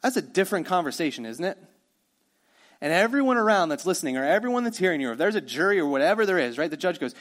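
A pastor delivers a sermon with lively, conversational energy, tossing quick asides to his congregation. His voice sits high.

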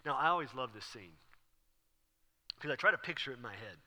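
A man preaching a sermon as pastor, talking casually and acting out the scene with sudden loud bursts. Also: mid-range voice, animated, fairly quick. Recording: long reverb hall.

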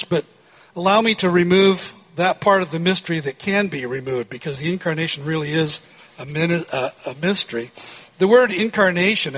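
A middle-aged male pastor with a head cold delivers a measured, deliberate Sunday sermon. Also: high voice, a bit bright, low-quality recording. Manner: measured, deliberate preaching with occasional fillers.

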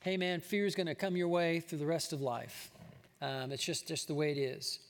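A man preaching a sermon, animated and acting out Bible dialogue, with frequent restarts. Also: fairly high pitch, normal speed. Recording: long hall reverb.

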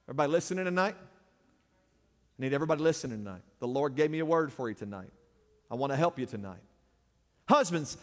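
A man's voice: lively intonation, quick pace, long pauses. A man preaching a sermon, emphatic and conversational, pressing points with call-and-response to the congregation. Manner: emphatic, call-and-response, surges louder and higher on key points. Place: church sanctuary. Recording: long reverb of a church hall.

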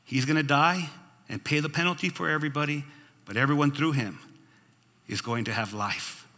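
A man's voice: fairly high pitch, normal speed, long reverb tail. A man preaching as pastor, reading scripture aloud and breaking in with comments and calls of "Amen?" to the congregation. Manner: expressive, asks the congregation "Amen?" and "right?". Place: church sanctuary.

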